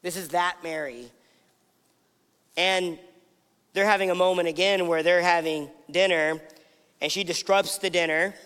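A man with a high-pitched voice preaches a sermon, telling the story vividly and voicing the people in it. His voice carries a long reverb from the hall he speaks in. His delivery is animated and storytelling. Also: a little slow, long pauses, clear, resonant tone. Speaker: pastor.

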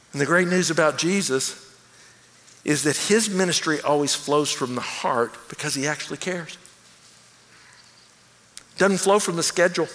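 High-voiced man preaching in a reverberant hall. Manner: animated preaching, acts out quoted lines. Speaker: pastor. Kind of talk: sermon.

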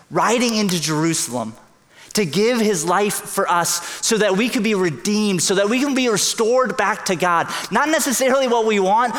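Pastor, male, earnest sermon delivery, slightly high voice, reverberant sanctuary. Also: fairly bright tone. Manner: earnest, emphatic preaching with quick bursts and slow stressed lines. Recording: long hall reverb.

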